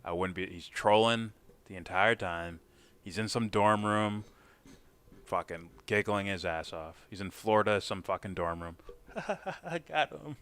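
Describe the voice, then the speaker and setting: A man hosting a live stream, chatting casually, profane, animated and mocking. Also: sits low, normal speed. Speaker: stream host. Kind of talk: casual livestream chat.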